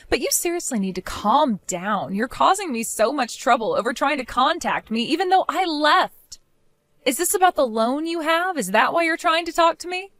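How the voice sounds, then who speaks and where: Voiced by a woman, a sarcastic young daughter-in-law in an animated storytime cartoon is mocking and defiant, laughing often. Her fairly high voice rises and falls with lively inflection, recorded dry and close with no room sound.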